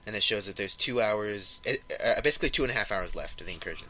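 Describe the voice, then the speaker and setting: Excited young man recapping a comic. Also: fairly low pitch, fast, slight background noise, poor audio. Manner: excited, rambling storyteller. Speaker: podcast co-host. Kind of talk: casual chat retelling a comic.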